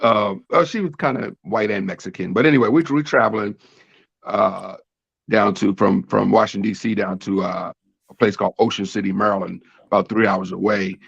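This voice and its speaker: A man with a gravelly, husky voice tells an animated story from his past in a casual talk show. The recording is dry and close. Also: fairly low pitch, moderate pace, no room sound, lo-fi sound. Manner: animated anecdote telling with laughs. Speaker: podcast co-host. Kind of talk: casual discussion.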